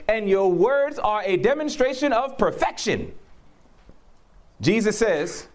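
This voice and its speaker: A man preaching and telling stories from his own life, acting out what people said and laughing often. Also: sits high. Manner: animated storyteller who acts out quotes. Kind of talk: testimony in conversation.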